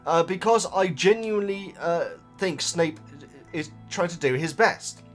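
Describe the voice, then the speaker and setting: Rambling man, lively voice. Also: a little high, unhurried, soft background music. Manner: rambling, self-interrupting, laughs often. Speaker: host reading viewer comments. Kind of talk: casual chat to camera.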